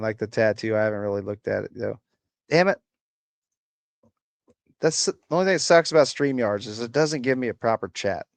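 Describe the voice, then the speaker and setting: A gravelly, mid-range male voice with no echo belongs to a U.S. livestreamer in a rural home who chats casually, cussing and taunting the people leaving comments as he drifts from topic to topic.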